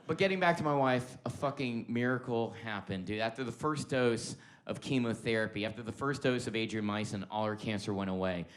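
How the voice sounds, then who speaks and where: Man, middle-aged, stand-up set, profane, shifts from shouting to hushed, laughter behind. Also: mid-range voice, fairly quick, hardly any pauses. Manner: loud swings between shouting and hushed confiding; profane, conversational, self-mocking. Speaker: stand-up comedian.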